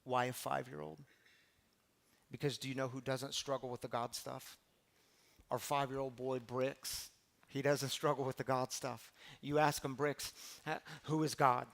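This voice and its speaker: A middle-aged man preaching a recovery sermon, animated storytelling that swings from loud to hushed. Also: medium pitch, unhurried, creaky. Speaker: pastor of a recovery community.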